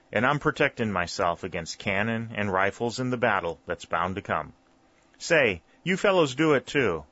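Man playing an earnest young soldier, urging friends, low bright voice, dull sound. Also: dry recording, full character voice. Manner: slow, solemn chanting of a charm.

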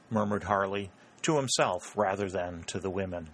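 A man narrates a historical novel in a steady, measured way. His voice sits on the low side and moves at an unhurried, even pace. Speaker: audiobook narrator.

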